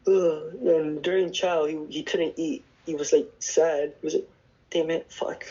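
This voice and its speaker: Gravelly young man telling stories. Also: on the high side, fairly even intonation, measured pace, warm tone, highs cut off. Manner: rambling, swears often, restarts. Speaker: podcast guest, navy sailor. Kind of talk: casual storytelling. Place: dorm room on base.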